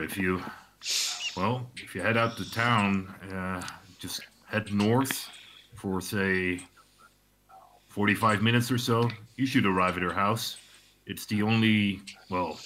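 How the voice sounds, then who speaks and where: A man voicing a gruff, wary male dwarf innkeeper in a tabletop game, speaking with halting hesitation. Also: deep voice, bright, forceful tone, a little hiss or hum, full character voice, rough recording.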